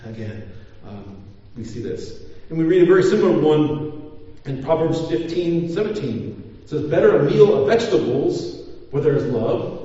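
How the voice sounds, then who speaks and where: Rambling pastor in an echoey church. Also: male voice, a little high, very animated, normal speed, warm tone. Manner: rambling with many restarts and fillers. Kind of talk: sermon. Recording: echoey church hall, mic far off, dull.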